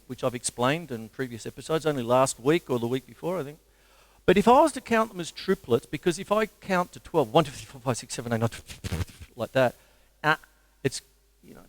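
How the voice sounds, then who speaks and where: A middle-aged Australian man giving a casual drum lesson, counting beats aloud between loud drum playing. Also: mid-range voice, no echo. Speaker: drum teacher. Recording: drum kit loud behind voice.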